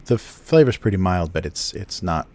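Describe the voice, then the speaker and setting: A low-pitched man chatting casually on his livestream from a home setup, talking close into a desk microphone. He wanders through his explanations with plenty of ums, uhs and restarts. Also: animated, normal speed, a little mellow. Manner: rambling, explains with many fillers and restarts. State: chewing food near the mic. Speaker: livestream host, cartoonist. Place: home studio in Japan. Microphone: close desk mic.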